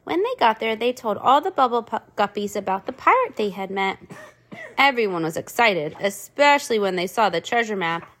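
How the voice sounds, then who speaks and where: A woman's voice: mid-range voice, normal speed. A mother reading a children's picture book aloud to her young child, stopping to chat with the child about the pages. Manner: animated, chatting with her child between pages.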